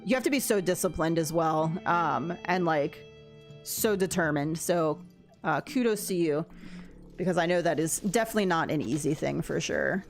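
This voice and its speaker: A woman's voice: deep voice, normal speed, soft background music. A woman streaming a game, chatting casually with her viewers in a rambling way and laughing often. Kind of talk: casual gameplay stream chat.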